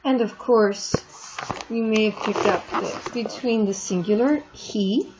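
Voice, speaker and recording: A woman's voice: a little high, measured pace, a little mellow. A woman teaching a French class in a recorded online lesson, explaining in a chatty way and stretching out the French words. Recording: dull lo-fi screen recording with faint noise.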